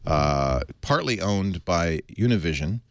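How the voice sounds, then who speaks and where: Deep, animated male podcast host. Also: a little slow, dry recording, clean studio sound. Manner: animated, reads news aloud with fillers and laughs. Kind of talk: casual tech podcast chat.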